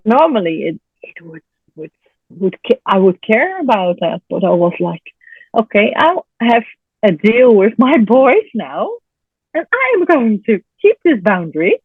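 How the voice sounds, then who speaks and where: A mother in a casual interview, chatty and animated, who laughs often and sometimes searches for words. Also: mid-range voice, a little slow, slightly rough, no room sound. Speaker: program participant sharing her story. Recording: tinny phone-line audio, dry.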